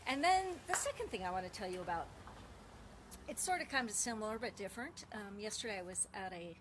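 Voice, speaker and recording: A woman's voice: mid-range voice, animated, brisk, noisy background. A middle-aged woman hosting a live online show, telling a casual story and acting out both sides of the dialogue. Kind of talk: casual live-stream talk.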